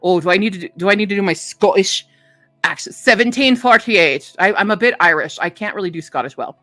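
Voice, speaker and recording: A woman's voice: fairly low pitch, fast, fairly bright tone, dry recording, faint music behind. A woman hosting a casual livestream, chatting and reading book blurbs aloud. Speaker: book streamer.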